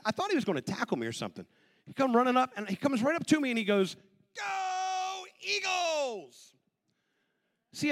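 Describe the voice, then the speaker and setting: A man in his forties sharing a personal testimony, an animated storyteller who acts out the voices of the people in his story. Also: fairly high pitch. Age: 40s.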